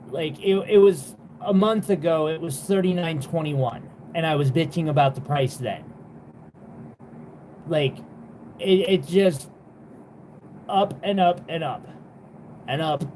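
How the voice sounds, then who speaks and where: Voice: mid-range voice, slow pace, long pauses, warm tone, a little hiss or hum. A young adult jewelry seller hosting a live sale, talking in a rambling, exasperated way with lots of fillers and the odd swear word. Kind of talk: casual livestream chat.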